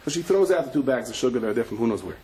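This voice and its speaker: Fast-talking rabbi telling stories. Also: male voice, medium pitch, slight background noise. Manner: rapid, animated storytelling with restarts. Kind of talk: sermon with storytelling.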